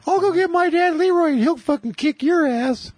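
Man putting on a squeaky bragging teenage boy. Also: moderate pace, dry recording. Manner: bragging, threatening. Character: whiny teenage boy with high voice.

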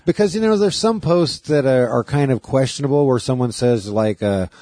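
A man's voice: medium pitch, normal speed, dark tone. A man hosting a casual podcast, teasing his guest and joking as he asks questions. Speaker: podcast host.

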